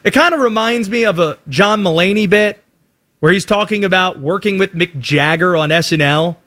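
A man's voice: high voice, moderate pace, bright, forceful tone. A man giving an emphatic sports opinion monologue, punchy and full of rhetorical questions. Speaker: sports commentator.

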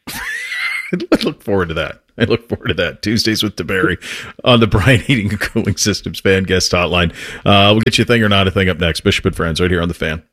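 A deep-voiced, fast-talking man from Montana hosts a sports radio show, teasing his guest in easygoing, casual sports talk. His voice has a slightly bright tone.

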